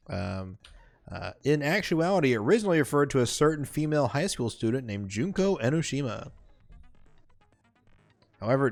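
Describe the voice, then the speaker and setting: A man streaming a game live, reading the game's text aloud and chatting casually between lines with lots of fillers. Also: medium pitch. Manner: casual, rambling, many fillers.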